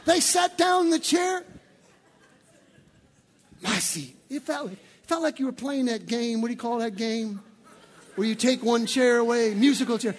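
A man preaching a sermon as pastor, rising to shouted peaks and dropping into playful, joking asides. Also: very high voice, normal speed.

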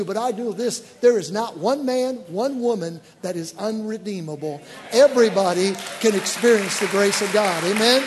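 A man preaching as a pastor, telling stories in an animated, exclaiming way. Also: high voice. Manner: animated, exclaiming storyteller with bursts of excitement. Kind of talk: sermon storytelling. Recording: church hall reverb.

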